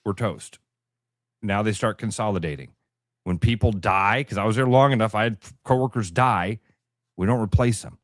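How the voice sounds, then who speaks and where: A man's voice: on the low side, fairly quick, no room sound, studio quality. A man co-hosting a radio show in casual chat, emotional and rambling, often restarting his sentences. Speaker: radio co-host. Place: radio studio.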